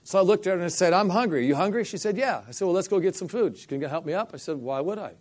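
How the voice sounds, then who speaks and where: A man's voice: sits high, very fast. A middle-aged man, a minister, telling a story in an interview and acting out the dialogue. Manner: animated storyteller, acts out quoted dialogue, repeats "I said".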